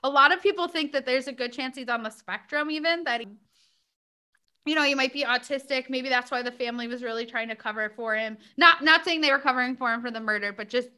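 A woman with a high, bright voice hosts a podcast in loose, casual chat. Her talk is full of "like" and "you know" as she works through her thoughts. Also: quick pace, clean tone. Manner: chatty, many fillers like "like" and "you know". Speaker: podcast host.

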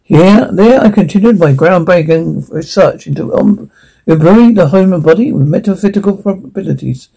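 A man playing a pompous old mad scientist from Bavaria, who gives a grandiose, theatrical welcome speech in a husky voice. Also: high voice, expressive, normal speed, dark tone, exaggerated voice, low-quality recording. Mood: boastful. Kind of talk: TV drama acting.

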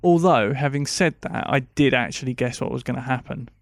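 A man's voice: medium pitch, gravelly, no echo, studio quality. Easygoing man co-hosting a podcast. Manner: easygoing, quick to laugh along. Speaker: podcast co-host. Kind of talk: casual chat.

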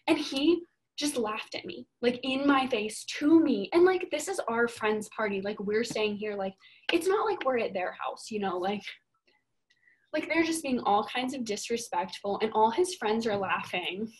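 Young woman, podcast co-host, slightly high voice, casual storytelling, emphatic, profane. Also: moderate pace, poor audio.

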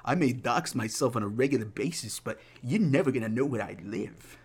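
A man's voice: mid-range voice, animated, brisk, a little mellow, husky. Young man, solo podcast host, rambling, self-deprecating jokes, casual tangents.

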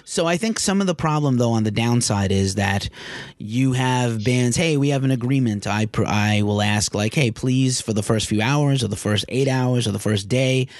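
A man's voice: mid-range voice, moderate pace, no room sound, clean studio sound. A man who is a music journalist and podcast host, talking candidly in casual podcast chat, frank and a little exasperated.

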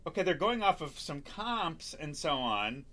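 An older man co-hosting a relaxed podcast chat. He sounds agreeable and chuckles easily, and his bright voice swings widely in pitch. His pitch sits a touch high. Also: a little slow. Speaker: podcast co-host.

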